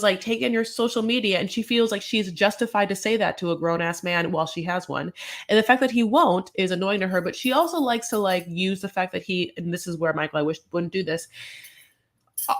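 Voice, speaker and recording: An American woman hosting a casual recap, talking in a chatty, gossipy, sassy way. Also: mid-range voice. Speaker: host. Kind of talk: casual reality-show recap.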